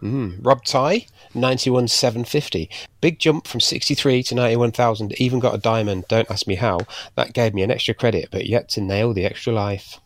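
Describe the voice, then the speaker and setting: A man's voice: mid-range voice, normal speed, hardly any pauses, no room sound. A man from England co-hosting a podcast, reading out listener scores in a laid-back way, with brief murmured replies in between. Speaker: podcast co-host.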